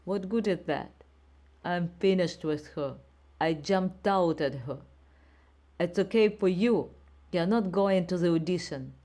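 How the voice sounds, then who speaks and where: A woman's voice: lowish voice, measured pace, close to an everyday voice. A woman voicing a young boy who is frightened and defiant, reading an audiobook. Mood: angry. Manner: shouting, upset.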